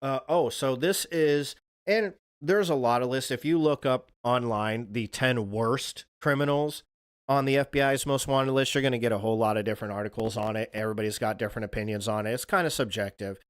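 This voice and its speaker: A man's voice: medium pitch, fairly quick, no room sound, clean studio sound. A man hosting a livestream, telling stories casually, rambling, swearing freely and laughing at his own tales. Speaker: livestream host. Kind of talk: casual storytelling to a livestream audience.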